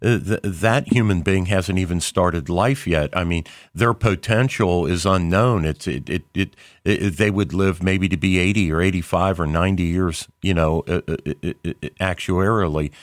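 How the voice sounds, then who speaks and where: A man talking casually as a podcast co-host, laying things out step by step with halting repeats. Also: low voice, no room sound, clean studio sound. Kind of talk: casual conversational talk.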